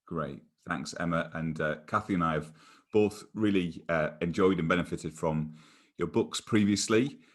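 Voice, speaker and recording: Deep-voiced hesitant male church host. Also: normal speed. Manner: hesitant, many ums and restarts. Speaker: church interviewer. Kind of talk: interview hosting.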